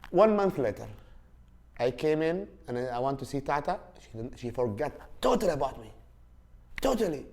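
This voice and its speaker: A man's voice: mid-range voice, big pitch swings, normal speed, darkish tone. Rambling man. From Saudi Arabia. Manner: rambling, with many fillers and restarts. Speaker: podcast host. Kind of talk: casual storytelling.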